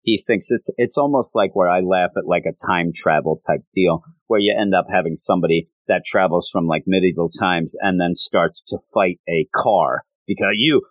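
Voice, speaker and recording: Low-voiced man rambling through a recap. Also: normal speed, hardly any pauses, no room sound. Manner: rambling, chuckles while retelling. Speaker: anime recapper. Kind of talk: casual episode recap.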